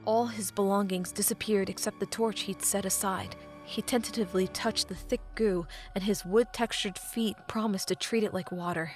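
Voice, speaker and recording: A woman reading a fan fiction audiobook, with expressive narration that drops to a hush at dramatic moments. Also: mid-range voice, normal speed, few pauses, soft background music.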